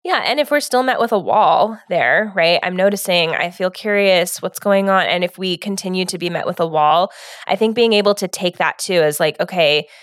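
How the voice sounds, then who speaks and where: A woman's voice: on the low side, normal speed, dry recording, clean studio sound. A woman co-hosting a relationship podcast, talking in a reflective, casual way and often saying "like". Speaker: podcast co-host. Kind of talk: casual relationship advice talk.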